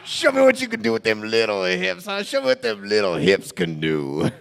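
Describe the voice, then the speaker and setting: A man's voice: high-pitched, very animated, normal speed, creaky, a little hiss or hum, pitched above the performer's own voice, heavily acted. Man doing a rowdy heckling street guy. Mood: taunting. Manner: loud, taunting, laughing. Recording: reverberant stage hall.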